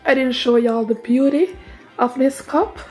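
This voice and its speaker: A young woman with a high voice talks through an unboxing in a casual vlog. She gushes, sounds emotional and breaks into laughter easily. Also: a little slow, music in the background. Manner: gushing, emotional, laughs often. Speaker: family vlogger, mother.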